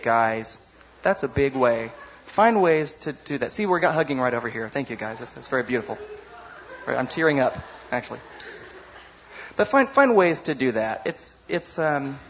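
A man preaching a sermon in a lively, conversational way, often asking the audience "you know?". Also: mid-range voice, lo-fi sound, a little hiss or hum.

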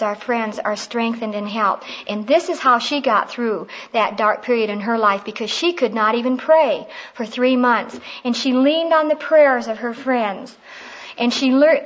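Heartfelt middle-aged woman, lo-fi. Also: on the high side. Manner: heartfelt, personal storytelling. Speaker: women's prayer teacher. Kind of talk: conversational Christian teaching.

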